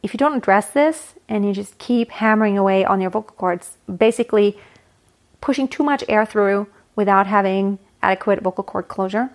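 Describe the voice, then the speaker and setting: A woman's voice: mid-range voice, moderate pace. A woman voice coach talking through a solo podcast episode, chatty and explanatory, often restarting mid-phrase.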